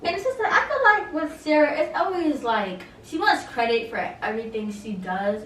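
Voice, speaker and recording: A woman's voice: high voice, big pitch swings, moderate pace, fairly bright tone, a little hiss or hum. A young woman recapping a reality show in casual chat, blunt and opinionated, with many fillers. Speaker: reality TV reviewer. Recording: roomy, mic at a distance, faint ambience.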